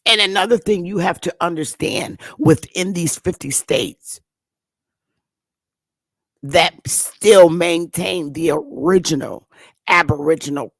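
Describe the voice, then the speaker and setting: A woman's voice: deep voice, no echo, studio quality. A woman host delivering an impassioned commentary monologue, blunt and emphatic, with frequent profanity.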